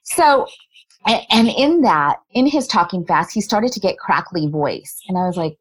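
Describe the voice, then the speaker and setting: A woman in a remote interview, a body language specialist, explaining her points in a lively way and laughing often. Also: fairly low pitch, moderate pace, breathy edge, poor audio. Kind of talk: conversational interview.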